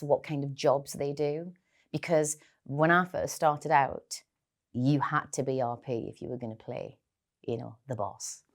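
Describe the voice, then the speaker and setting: A middle-aged woman with a Geordie accent, a guest chatting candidly in an interview and telling stories full of "like" fillers. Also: low voice. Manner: chatty storytelling, many "like" fillers. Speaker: guest actress.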